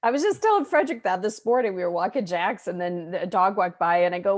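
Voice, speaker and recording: A woman hosting a podcast in casual, bubbly conversation, gushing and animated. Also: lowish voice, fast, hardly any pauses. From Arizona, United States. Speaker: podcast host.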